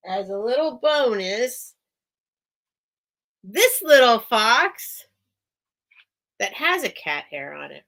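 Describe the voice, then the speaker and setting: Woman, live-stream sale host, chatty, distracted, laughs a lot, slow-paced, small room at home. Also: fairly high pitch, creaky, bright, forceful tone. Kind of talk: casual live-stream selling chat. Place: small room at home with a towel under the door.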